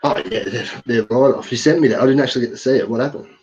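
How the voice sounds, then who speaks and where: A man in a casual political chat, agreeing quickly, in a dull lo-fi recording. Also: mid-range voice, a little mellow, slight background noise.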